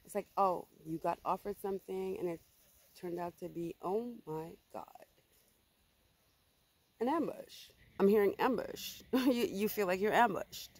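A woman's voice: mid-range voice, a little slow, a little mellow, rough recording. Blunt, emphatic woman reading tarot. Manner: blunt, emphatic, swears freely. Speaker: tarot reader. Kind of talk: casual tarot reading to camera.

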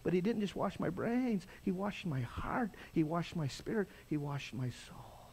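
An older man preaching a sermon as pastor, impassioned, swinging from loud cries to quiet intensity. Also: high-pitched, expressive, measured pace, vocal fry, a little hiss or hum.

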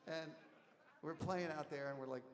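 A middle-aged man telling a rambling story on stage between songs, laughing and swinging from mumbles to shouts. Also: on the high side, fairly even intonation, unhurried. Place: live concert venue. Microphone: stage mic, audience tape. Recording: audience taper recording, faint hiss.

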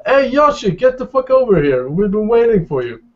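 A man doing a loud, brash street vampire. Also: sits high, steady tone, normal speed, pitched above the performer's own voice. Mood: rowdy. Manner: crude slang, shouty greetings. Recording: dull lo-fi recording.

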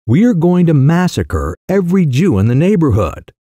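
A man voicing a sly young mischief-maker who delivers outrageous news in a calm, careless, mock-serious way. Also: a little high, moderate pace, dry recording, clean studio sound, pitched above the performer's own voice. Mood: cool, mock-grave.

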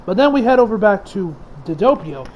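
A man with a fairly high voice rambles through an anime episode recap, full of filler words and casual swearing. He gets excitable as he retells the action. A steady hiss of noise runs under the home recording. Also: brisk, low-quality recording. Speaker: anime reviewer.

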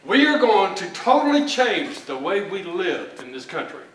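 A Texan economist with a high, sing-song voice gives a folksy, joking, plain-spoken keynote at a conference, talking at a normal pace with a fairly bright tone. He's captured from far off in a large, echoey event hall, with slight background noise.

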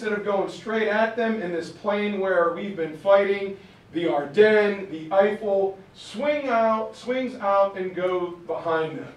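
A man giving an informal history lecture from a map, telling it as a story, acting out quotes and clearing his throat now and then. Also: sits high, far from the mic. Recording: roomy sound from off-mic.

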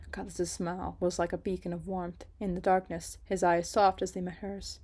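A woman reading a romance story aloud in a soft, dramatic way. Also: lowish voice, little pitch movement, normal speed, few pauses. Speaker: story reader.

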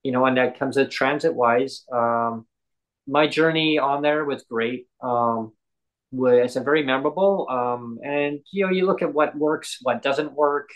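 A man chatting casually on a podcast, telling stories in a halting, rambling way with many ums and restarts. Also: mid-range voice, muffled recording. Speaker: podcast host and guest. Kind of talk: casual chat.

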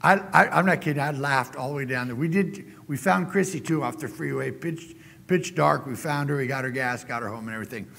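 A middle-aged man preaching a sermon as a guest speaker, telling folksy stories and getting animated when he quotes people. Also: mid-range voice, fairly quick, vocal fry. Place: church sanctuary. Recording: church hall reverb.

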